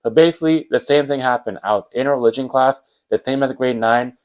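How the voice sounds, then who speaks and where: A young man, rambling and animated as he tells a casual storytime about school. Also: medium pitch, quick pace, rough recording. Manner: animated, rambling, with fillers like whatever and blah blah. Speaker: vlogger.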